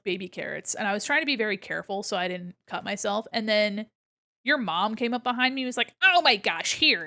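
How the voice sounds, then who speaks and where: A young woman streamer chatting casually with her viewers while she draws, animated, laughing often and swearing freely. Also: a little high. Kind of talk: casual chat with a live stream chat while drawing.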